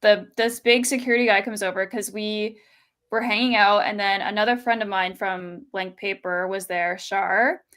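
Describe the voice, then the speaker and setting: A woman co-hosts a casual chat, agreeing readily and laughing easily. Her voice is medium-pitched and fairly bright, with fairly even intonation at a moderate pace.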